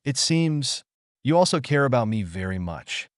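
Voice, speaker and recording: A man's voice: medium pitch, sing-song, normal speed, dry recording, clean studio sound, natural voice. A man putting on a coy, teasing young woman.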